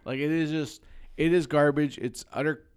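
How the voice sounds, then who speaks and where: A man's voice: on the high side, fairly even intonation, normal speed, clear, resonant tone. A man co-hosting a casual podcast chat, blunt and rambling, swearing freely and restarting his sentences. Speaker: podcast co-host.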